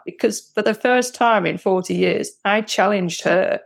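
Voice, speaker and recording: A woman speaks frankly as a therapy client, letting out her frustration. Her voice carries a gravelly fry. She talks in a plain, conversational way. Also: mid-range voice, moderate pace, few pauses. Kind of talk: candid personal account.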